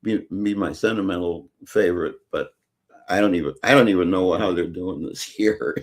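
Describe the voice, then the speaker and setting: Low-voiced older man, halting chat. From Chicago. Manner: halting, many fillers and restarts. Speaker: guest author. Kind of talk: casual interview conversation.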